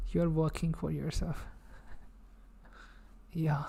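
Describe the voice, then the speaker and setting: Indian-accented male streamer, unhurried, mellow tone, laid-back chat while coding. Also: on the high side, creaky. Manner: relaxed, chatty, reads tutorial text aloud, muttering to himself.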